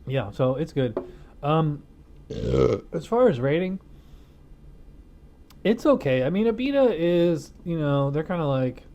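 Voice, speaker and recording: A man's voice: a little high, big pitch swings, unhurried, long pauses, warm tone, lo-fi sound, slight background noise. A middle-aged man reviewing a beer on his own channel, talking in a loose, rambling way with lots of fillers. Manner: rambling, filler-heavy, laid-back. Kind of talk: casual chat.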